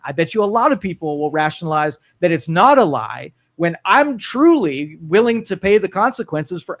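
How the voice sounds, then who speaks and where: A man co-hosting a call-in talk show, arguing earnestly from principle and putting questions to the listeners. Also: high voice. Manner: earnest, argues from principle, asks the audience questions. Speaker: co-host. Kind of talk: political talk-radio commentary.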